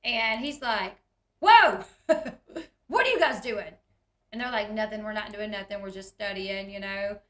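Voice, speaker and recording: A woman's voice: mid-range voice, normal speed, fairly bright tone, roomy sound. A woman, retelling reality TV scenes in a chatty, giggly way and acting out the quotes. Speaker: recap host. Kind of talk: casual reality TV recap.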